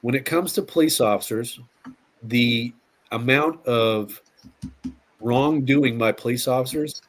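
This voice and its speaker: A man's voice: mid-range voice, a little slow. A middle-aged man, a police officer, telling stories as an interview guest, often repeating words and acting out quotes. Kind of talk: casual storytelling interview.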